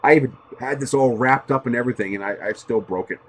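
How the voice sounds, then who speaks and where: A man's voice: medium pitch, fast. A man hosting a 3D printing livestream, chatting casually with viewers, telling stories loosely with profanity and frequent laughter.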